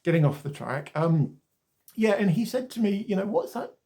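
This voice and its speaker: Man, 40s, gravelly and mellow, casual chatty vlog delivery that wanders off topic. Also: sits high, lively intonation, normal speed. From Wales. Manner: chatty and rambling, wanders off topic, mild swearing. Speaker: skincare vlogger. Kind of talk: casual talking-to-camera demonstration.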